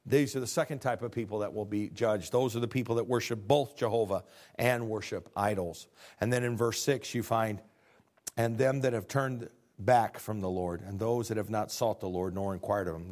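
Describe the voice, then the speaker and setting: Speaking at normal speed, this Midwestern preacher reads out a scripture passage and unpacks its meaning, dropping into quiet asides before climbing to loud, high-pitched crescendos.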